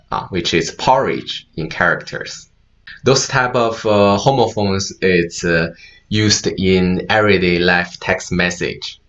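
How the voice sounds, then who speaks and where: A man whose first language is Mandarin Chinese gives a talk at a conference, explaining slowly with many fillers and mixing in Mandarin words. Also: sits low, fairly bright tone, muffled recording. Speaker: conference speaker. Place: conference room.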